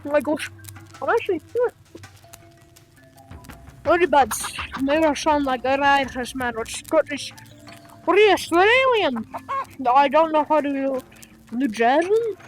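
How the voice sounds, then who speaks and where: Young female gaming vlogger, high voice, rambling casual chat, faint music behind. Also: moderate pace. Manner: rambling, many fillers and playful asides. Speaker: gaming channel host.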